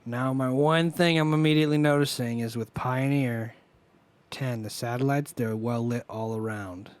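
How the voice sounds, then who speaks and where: A man co-hosting a casual podcast chat, excited and swearing freely as he nerds out. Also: mid-range voice, moderate pace. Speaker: podcast co-host.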